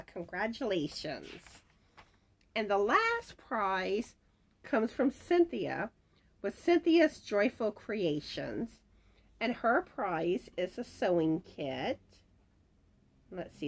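Hosting a crochet channel, a woman casually announces giveaway winners and reads viewer comments, her voice beginning to give out. Her medium-pitched delivery is sing-song with vocal fry, chatty and unhurried, with muttered asides to herself.

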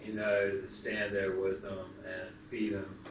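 A co-host on a casual spiritual talk show, this man animatedly tells an experience at length, acting out the voices he quotes. He speaks low-pitched at a measured pace, and the recording is distant, roomy, and dull, with lo-fi hiss.

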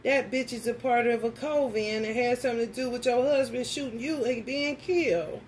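A woman tarot reader telling a story in a casual vlog, animated and profane, often laughing. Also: a little high, normal speed, slight background noise.

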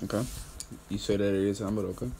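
A man's voice: fairly low pitch, little pitch movement, rapid-fire, mellow, a little hiss or hum. A man doing reaction commentary, roasting another creator in loose slang and laughing often.

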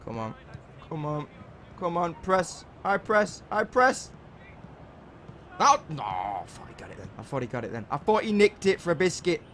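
A young man, giving casual commentary while playing a football video game and shouting encouragement and curses at the players. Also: on the high side, sing-song, moderate pace, slight background noise. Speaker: gaming channel host.

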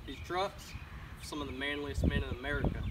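A boastful, swaggering cowboy with a drawl, as a man puts him on. His voice sits a bit high, and he sounds folksy and mocking. He is heard from a distance outdoors, with vehicle noise behind him. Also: brisk, lightly acted. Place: outdoors beside a pickup truck.

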